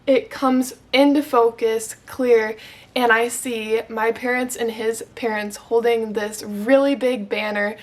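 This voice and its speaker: A young woman from Michigan tells a personal story straight to the camera. Her voice sits fairly high, and she gushes and gets emotional, filling her sentences with "like.". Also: steady tone, slow pace. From Michigan, USA. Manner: gushing, emotional, heavy use of "like". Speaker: vlogger.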